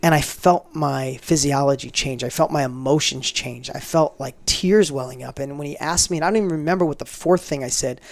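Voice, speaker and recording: A man's voice: on the high side, brisk, creaky, hardly any pauses, no room sound. A middle-aged man, a guest in an interview, telling a personal story emphatically and acting out the dialogue. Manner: emphatic, animated, acts out quoted dialogue.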